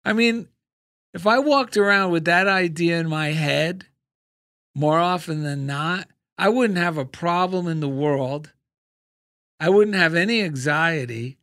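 A man hosting a spiritual talk show in casual chat, telling stories with lively energy and bursting into loud cartoon impressions. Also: fairly high pitch, unhurried. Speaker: radio show host.

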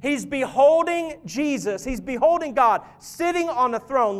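A male pastor preaching a sermon in an earnest manner, dropping to quiet intensity and rising to urgent emphasis. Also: very high-pitched, lively intonation, unhurried. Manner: rises loud and urgent at climaxes.

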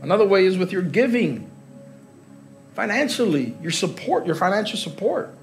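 A man's voice: high-pitched, sing-song, normal speed, soft background music. A middle-aged man preaching live as pastor in a large church hall, joking with the congregation and laughing. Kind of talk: sermon.

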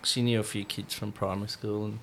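A man's voice: lowish voice, level tone, brisk, vocal fry, slight background noise. A man, co-hosting a podcast in casual chat and telling a story in short, clipped fragments. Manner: laid-back, clipped fragments. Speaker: podcast co-host.

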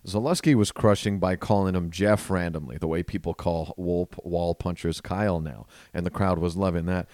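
Low-voiced East Coast comedian telling stories. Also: male voice, no room sound. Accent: East Coast American. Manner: animated storyteller acting out crowd voices. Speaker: podcast co-host and comedian. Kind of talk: casual chat.

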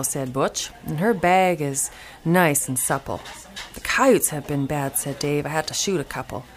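A woman's voice: deep voice, animated, measured pace. A woman from Alberta, reciting rhyming cowboy poetry in a folksy drawl. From Alberta, Canada. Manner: folksy drawl, dropping g's, voicing characters. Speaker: cowboy poet.

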